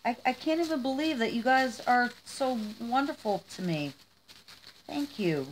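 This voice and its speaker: A woman's voice: on the high side, expressive, measured pace, slight background noise. A woman vlogging as she opens gifts, gushing and emotional, crying happy tears. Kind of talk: casual vlog, opening gifts.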